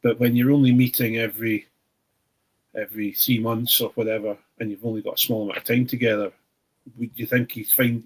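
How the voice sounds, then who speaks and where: A man's voice: mid-range voice, slightly rough, rough recording. A man hosting a podcast in casual chat, rambling and sweary, often repeating words as he thinks. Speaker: podcast host.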